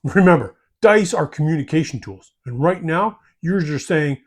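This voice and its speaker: A man's voice: a little high, animated, normal speed, few pauses, breathy edge. A man, hosting a hobby channel with scripted comedic advice, folksy and teasing, tagging his lines with slangy asides.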